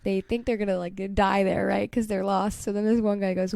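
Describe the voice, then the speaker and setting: A chatty woman podcaster sprinkles "like" and "um" through a casual retelling and giggles often. She speaks at a middle pitch into a close mic, with a dry sound and no room around it. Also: level tone, brisk, vocal fry, a little mellow, smooth, no echo. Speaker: podcast co-host. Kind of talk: casual chat, retelling a story.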